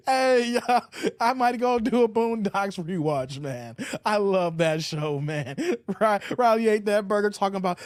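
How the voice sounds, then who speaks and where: A man's voice: high-pitched, unhurried, no room sound, clean studio sound. A man hosting a reaction commentary show, joking loosely, laughing often and reading out live chat.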